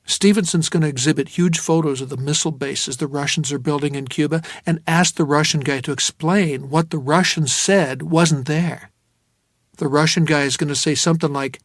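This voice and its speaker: A man narrating a novel in the first person, in a steady, wry, dry manner. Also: a little high, a little fast, dry recording. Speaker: audiobook narrator.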